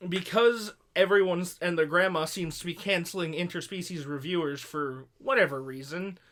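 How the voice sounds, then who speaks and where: A man's voice: sits high, normal speed, a bit bright. A young man co-hosting a casual podcast, rambling and sarcastic with frequent swearing. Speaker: podcast co-host. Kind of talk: casual chat.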